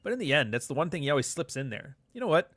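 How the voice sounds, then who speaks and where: A man's voice: fairly high pitch, very animated, very fast, a bit bright, dry recording. A middle-aged man hosting a live show, chatting casually with viewers and reading their comments in a loose, profane, joking way. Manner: loose, profane, joking banter with frequent asides.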